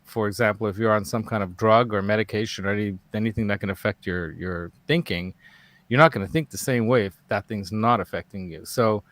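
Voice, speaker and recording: A man's voice: on the low side, fairly quick, a bit bright, dry recording. A man hosting a casual live talk show, rambling and digressive and laughing often. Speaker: host. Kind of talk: casual livestream chat.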